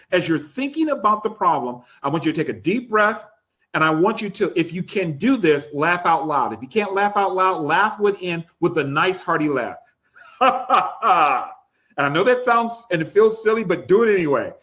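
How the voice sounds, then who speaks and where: Upbeat male life coach, high voice, coaxing and repetitive; dull lo-fi recording. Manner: energetic, coaxing, repeats instructions, laughs often. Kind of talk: live-streamed coaching class.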